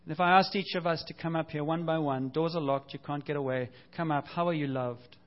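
A man's voice: fairly high pitch, a little fast, muffled recording. A man preaching a sermon as pastor, earnest and conversational, asking the congregation rhetorical questions.

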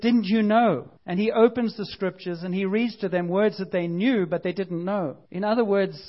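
Male pastor, high-ish voice, earnest conversational sermon with fervent emphasis; dull lo-fi church recording.

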